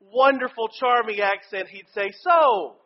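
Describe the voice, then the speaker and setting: High-voiced male pastor preaching. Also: moderate pace, muffled recording. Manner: earnest, personal storytelling preaching. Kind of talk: sermon.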